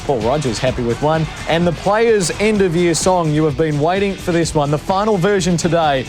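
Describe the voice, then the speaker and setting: Man, sports show host, giggly, slightly high voice. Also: lively intonation, moderate pace, over music. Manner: giggly, laughing. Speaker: studio host.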